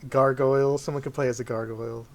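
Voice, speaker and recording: A man's voice: mid-range voice, quick pace. Man laughing through game planning. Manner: relaxed, laughs often. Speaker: dungeon master. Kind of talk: casual chat planning a tabletop campaign. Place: voice chat call.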